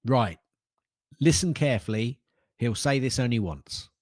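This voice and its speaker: Playful, lively-voiced male co-host. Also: medium pitch, a little slow, a little hiss or hum. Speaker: podcast co-host. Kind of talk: casual chat.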